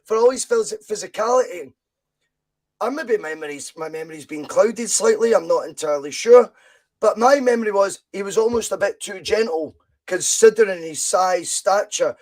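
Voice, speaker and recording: Emphatic Scottish man, high voice. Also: moderate pace. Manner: animated, opinionated, emphatic. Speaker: podcast host. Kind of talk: casual football chat.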